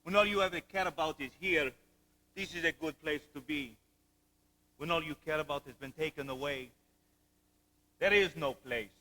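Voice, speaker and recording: A man's voice: fairly high pitch, normal speed, long pauses, pushed and bright. A teenage boy acting and singing as a heartbroken middle-aged French planter in a school musical on stage. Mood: sorrowful. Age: late teens. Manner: pleading, emphatic, sung passages. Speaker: student actor in a school musical.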